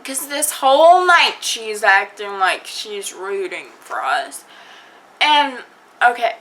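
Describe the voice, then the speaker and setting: Woman vlogger for a storytime video: slow delivery, bright tone, chatty, acts out the other people's lines. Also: fairly high pitch, big pitch swings, poor audio. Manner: chatty, lots of fillers, acts out quoted dialogue. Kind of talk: casual storytime vlog.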